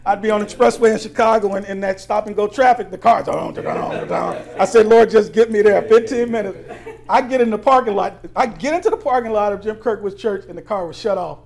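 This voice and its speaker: A pastor with a high-pitched voice delivers a conversational sermon in a church, tossing questions at the congregation and breaking into laughter as he tells stories on himself. He moves between quiet, low asides and loud, excited bursts. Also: fast, vocal fry, hardly any pauses. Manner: conversational preaching with call-and-response questions and laughing anecdotes. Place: church sanctuary.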